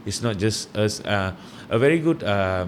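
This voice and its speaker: Rambling Malaysian English man, animated. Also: lowish voice, normal speed, slight background noise. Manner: rambling, animated storytelling with many fillers. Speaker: stand-up comedian guest. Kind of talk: casual interview chat.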